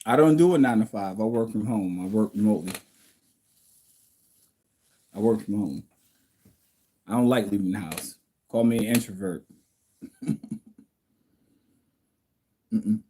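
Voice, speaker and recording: A man speaks in a low, mellow voice on a casual livestream, recorded at home. He reads out viewer comments and answers them bluntly, in a preachy tone. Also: measured pace, long pauses, slight background noise.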